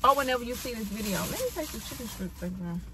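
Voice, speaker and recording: A woman's voice: on the high side, fast talker, noisy background. A woman co-hosting a casual nighttime mukbang from a parked car, leading the chat and prompting her partner. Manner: lively, leads the talk and prompts the other. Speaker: mukbang co-host.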